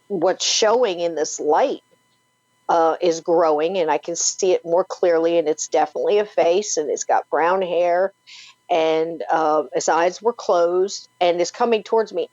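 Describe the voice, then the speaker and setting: A woman's voice: on the low side, darkish tone, no echo. A woman guest on an interview show, retelling a personal story vividly, full of "like" and "you know". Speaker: paranormal podcaster and author, guest. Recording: dull lo-fi, dry sound.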